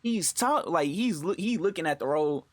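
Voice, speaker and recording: A young man telling a story in casual, animated street slang, full of fillers and swearing. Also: fairly high pitch, moderate pace, dry recording. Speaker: storytime vlogger.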